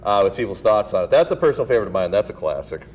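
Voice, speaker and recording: A man's voice: fairly low pitch, very animated, very fast, darkish tone, poor audio. A man, once host of a local comedy show, chatting in a joking, self-deprecating way on a panel. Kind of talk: casual panel chat.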